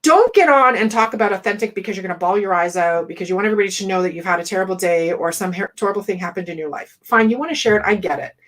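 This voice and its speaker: A woman business coach speaking in a lively podcast chat. She is blunt and straight-talking, animated, and quick to laugh, with a voice of ordinary pitch. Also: low-quality recording. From West Indian family. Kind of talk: podcast conversation.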